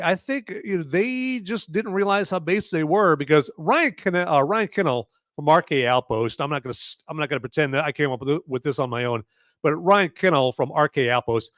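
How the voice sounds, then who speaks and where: A man's voice: a little high, dry recording, studio quality. Rambling man hosting a live movie review. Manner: rambling, lots of fillers and restarts; sarcastic, animated asides. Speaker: podcast host reviewing a movie. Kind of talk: casual live-stream commentary.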